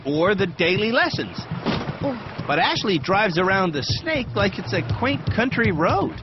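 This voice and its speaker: A man's voice: high-pitched, big pitch swings, measured pace, noisy background. A man hosting and narrating a TV show in a wry, dryly humorous scripted voice. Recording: dull lo-fi TV audio with music.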